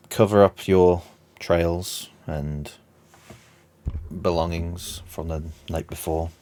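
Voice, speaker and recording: A man running a tabletop game as dungeon master, narrating slowly with many pauses and fillers. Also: low-pitched, darkish tone. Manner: slow, halting narration with many ums, laughs often.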